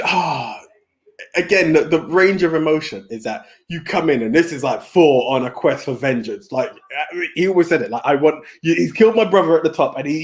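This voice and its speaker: A young man chatting casually on a film podcast, relaxed and often chuckling as he repeats himself. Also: fairly high pitch. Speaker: podcast co-host.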